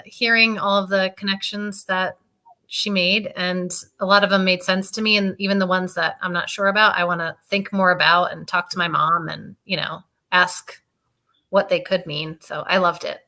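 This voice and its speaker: A woman's voice: mid-range voice, fairly even intonation, moderate pace, bright, forceful tone. A woman guest receiving a psychic reading, eager and enthusiastic. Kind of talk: casual chat.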